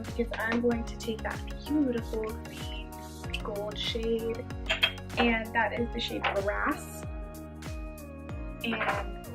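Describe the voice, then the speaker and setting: Woman beauty vlogger, higher voice, chatty and gushing, music bed behind. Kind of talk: casual makeup tutorial narration.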